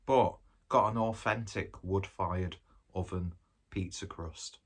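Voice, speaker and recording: A food reviewer with a low, husky voice speaks slowly in a casual vlog. He eats and reviews a pizza while chatting, rambling from one aside to the next.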